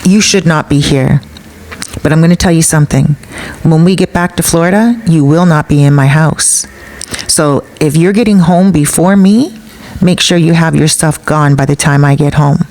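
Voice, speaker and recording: A woman's voice: low voice, moderate pace, darkish tone. A woman voicing a defensive man who curtly orders his girlfriend to leave. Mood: stern. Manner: curt, dismissive commands. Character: defensive man caught cheating, curt.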